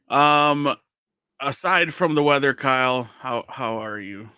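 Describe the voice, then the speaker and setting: A man hosting a casual podcast, joking and teasing his co-host with quick asides. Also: mid-range voice, bright, forceful tone, clear, resonant tone, no echo, studio quality.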